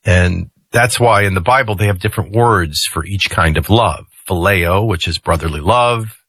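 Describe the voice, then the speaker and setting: A man's voice: deep voice, normal speed, a bit bright, no room sound. A man hosting a talk radio show, giving conversational commentary with jokey asides into a studio mic.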